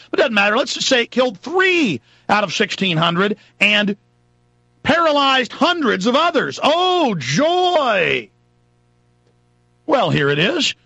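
A man's voice: on the high side, creaky, bright, forceful tone, husky, no echo, highs cut off. A man hosting a talk radio show, delivering a fiery, sarcastic, emphatic monologue into a studio microphone.

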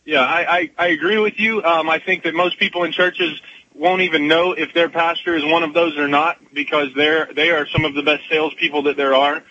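A man's voice: a little high, steady tone, a little fast, bright, forceful tone, slight background noise. A man calling in to a radio show, speaking earnestly and hesitantly with many fillers. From Texas. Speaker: caller. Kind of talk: phone-in call. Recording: lo-fi phone line.

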